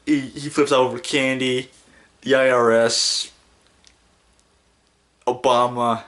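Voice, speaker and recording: A man's voice: mid-range voice, normal speed, a bit bright. A man hosting a casual podcast monologue, rambling and stumbling over his words while giggling often. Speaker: podcast host.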